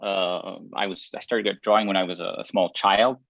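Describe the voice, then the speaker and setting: Interpreter, man, lowish voice, restarts and small laughs, muffled lo-fi dry audio. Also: fairly even intonation, normal speed, vocal fry, fairly bright tone, dry recording. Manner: restarts and chuckles while translating. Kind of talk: translating for a guest. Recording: dull lo-fi dry sound.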